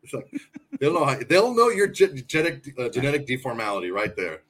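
A man co-hosting a casual sports show, rambling and swearing, with loud whoops. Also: mid-range voice, wildly swooping pitch, a little fast. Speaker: podcast co-host.

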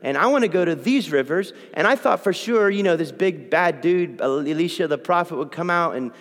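A man's voice: a little high, animated, moderate pace. A man voicing an indignant, proud army commander in a casual, exasperated rant during a sermon. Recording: long hall reverb.

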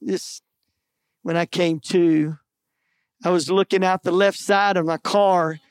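A man's voice: high-pitched, fairly even intonation, slow, clear, resonant tone, dry recording. A man preaching, telling a personal testimony earnestly with self-deprecating jokes. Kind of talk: sermon testimony storytelling.

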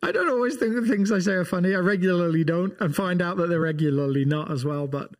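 British male co-host, higher-pitched voice, dry teasing humor in casual chat. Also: fast. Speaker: podcast co-host.

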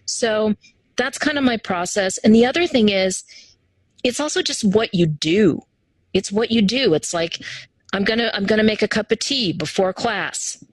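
In a casual interview, a human design teacher talks animatedly as a guest, voicing the people she quotes in her stories. Her mid-range voice moves at a normal speed and is animated. There's no room sound, though the recording is rough.

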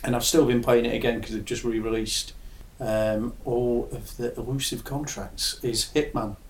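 A man's voice: mid-range voice, level tone, moderate pace, slight background noise. A young adult man, chatting casually and enthusiastically, swearing now and then. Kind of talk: casual chat. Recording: echoey room.

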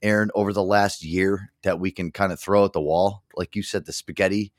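Deep-ish male show host, dry close sound, chatty and rambling. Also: steady tone, a little fast, no echo. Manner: rambling, many fillers and restarts, laughs a lot. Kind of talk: casual chat.

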